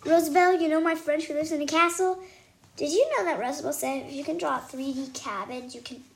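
A woman voicing an excitable, dramatic little girl with bubbly, insistent outbursts, read aloud from a storybook. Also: high-pitched, quick pace, creaky, slight background noise. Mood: excited.

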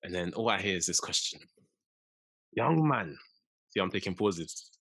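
A man's voice: sits low, fast talker, slightly rough, dry recording. A young man, co-hosting a casual chat and telling a story with lots of acted-out quotes and laughter. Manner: animated storyteller, acts out quotes, laughs often. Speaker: podcast co-host.

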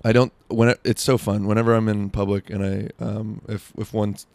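A man's voice: lowish voice, little pitch movement, fairly quick, creaky, darkish tone, no echo. A young man from South Florida, riffing through a crude, rambling comedic monologue full of "like" and restarts. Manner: rambling, crude, self-interrupting with lots of "like".

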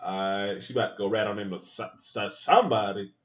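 This podcast host has a lowish, brisk male voice, recorded with dull audio. He reacts aloud to a movie he's watching, talking casually and swearing freely. He's animated and thinks out loud, tossing in asides.

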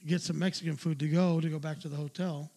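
A man's voice: on the high side, flat delivery, fast talker, warm tone. A middle-aged man telling a long, rambling anecdote in casual chat, swearing freely and laughing at his own story. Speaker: storyteller on a talk show.

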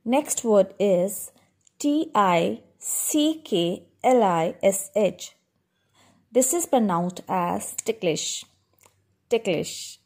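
Very slow, deliberate woman teacher. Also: medium pitch, expressive, a little mellow. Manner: spells words letter by letter, repeats slowly; instructive, addresses class directly. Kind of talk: pronunciation lesson for schoolchildren.

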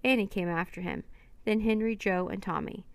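A woman reading a children's adventure chapter book aloud, in steady narration with light character voices. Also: mid-range voice, moderate pace, creaky, no echo. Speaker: storyteller.

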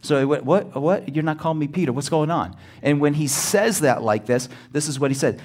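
A male pastor preaching a sermon, emphatic and often rising to near-shouted exclamations, calling out to the congregation for a response. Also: a little high, expressive, normal speed, hardly any pauses.

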